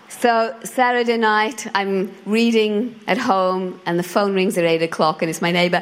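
A middle-aged woman preaching to a church congregation, chatty and animated as she tells a personal story. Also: mid-range voice, moderate pace, few pauses, a little hiss or hum. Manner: conversational, animated storytelling with acted quotes. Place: church hall before a congregation.

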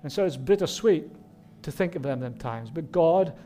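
Male pastor, fairly high voice, earnest sermon delivery. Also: animated, normal speed, faint music behind. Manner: earnest, warm preaching with rhetorical questions. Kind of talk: Christmas sermon.

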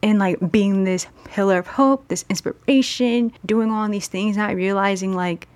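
A woman hosting a solo podcast, talking candidly in a casual conversational way, speeding up and slowing down for emphasis. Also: mid-range voice, fairly even intonation, darkish tone, no room sound. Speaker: podcast host.

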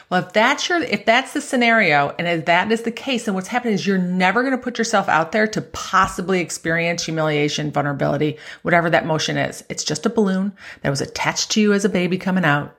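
A woman with a slightly low voice talks golfers through their emotions like a coach. She keeps it chatty, checks in with a quick "right?" and laughs often. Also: a bit bright. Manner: acts out inner voices in quotes. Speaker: golf mental coach. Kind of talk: conversational motivational talk.

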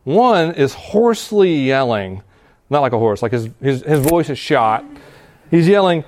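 A man's voice: medium pitch, big pitch swings, darkish tone. A male pastor giving an earnest, conversational sermon to students, reading scripture and explaining it. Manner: earnest, conversational preaching with restarts and quick laughs.

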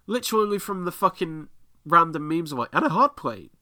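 A British man with an excitable, sweary manner, giving casual commentary while watching an episode. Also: fairly high pitch, moderate pace. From Britain. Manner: excitable, swears freely, reacts aloud. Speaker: podcast host.

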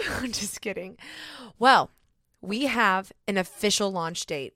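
A woman's voice: medium pitch, takes it slowly, long pauses, pushed and bright, dry recording. Casting: woman, early 30s, bubbly podcast host, laughs a lot, dry close sound. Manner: bubbly, laughs often, self-teasing. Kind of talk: casual solo podcast chat.

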